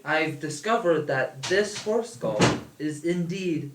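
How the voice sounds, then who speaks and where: Man player, slow and deliberate, higher voice, echoey room, off mic. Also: far from the mic, heavy background noise. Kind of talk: tabletop game chat.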